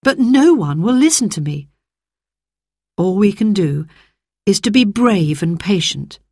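A woman reading a storybook, voicing a sorrowful mother who speaks quietly and steadily. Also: medium pitch, big pitch swings, a little slow, slightly rough, dry recording, studio quality, exaggerated voice. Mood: sad calm.

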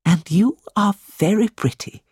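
Storybook lady painter, fond and cheerful, high-pitched, as a man reads her. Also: a little slow, darkish tone, breathy edge, no room sound, clean studio sound.

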